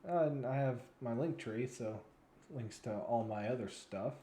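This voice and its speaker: A man's voice: medium pitch, measured pace, mellow, echoey room, a little hiss or hum. A man in his twenties giving rambling, frustrated commentary as a news vlogger, sounding weary and yawning now and then. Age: 20s.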